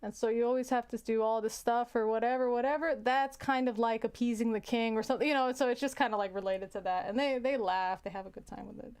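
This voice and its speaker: A woman's voice: a little high, fairly even intonation, fast talker, hardly any pauses, a little mellow, smooth. A woman who teaches, chatting casually and telling rambling, self-interrupting stories with frequent laughs. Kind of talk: casual storytelling chat.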